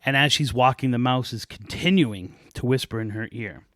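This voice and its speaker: A man's voice: mid-range voice, moderate pace, no room sound. Guy telling an old fairy tale to his podcast, chatty, dry close sound. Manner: lively retelling with asides and light laughs. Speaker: podcast host. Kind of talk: casual storytelling of a folk tale.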